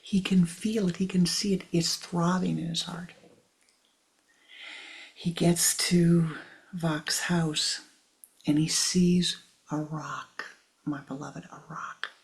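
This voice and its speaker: Woman teacher, sermon storytelling, slow and whispery, lowish gravelly voice. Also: steady tone. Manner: hushed, dramatic, often whispering. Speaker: spiritual teacher.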